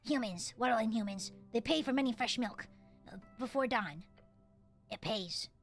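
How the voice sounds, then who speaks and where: A woman voicing a gruff, cold male kobold who talks in short, broken deadpan phrases. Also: on the high side, moderate pace, faint music behind, voice pushed down, natural voice. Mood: curt. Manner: clipped broken speech, deadpan.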